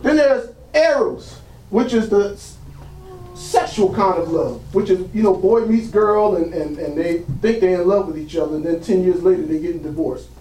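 A man's voice: high-pitched, expressive, normal speed, warm tone, slight background noise. Roomy, distant preacher man. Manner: punctuates lines with "praise God", drawing call-and-response. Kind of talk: sermon. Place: church sanctuary. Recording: roomy, from the mic. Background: congregation answering amen.

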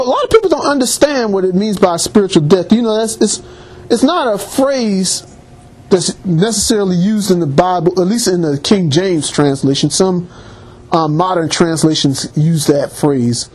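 A male preacher delivers a sermon in a husky voice. His pitch swoops widely as he drives his points home, climbing to emphatic peaks. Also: darkish tone.

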